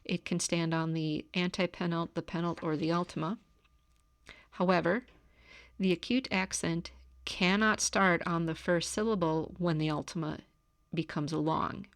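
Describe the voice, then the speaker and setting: A woman giving a recorded grammar lecture, calmly explaining step by step. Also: fairly low pitch, measured pace, no echo, studio quality. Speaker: teacher. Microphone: camera.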